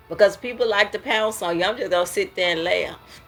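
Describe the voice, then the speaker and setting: Husky-voiced woman talking straight. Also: on the low side, a little fast, few pauses, fairly bright tone, faint music behind. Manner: preachy, laughing, conversational. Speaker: host. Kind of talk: casual talk on emotions.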